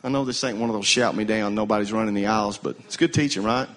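A male pastor preaches quickly in a lowish, fairly bright voice. His sermon is call-and-response, pressing the congregation to answer.

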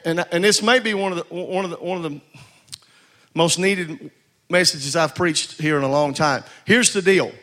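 A man's voice: fairly high pitch, sharp tone. A male pastor preaching a sermon. He exhorts the congregation, calls for responses, and often repeats words.

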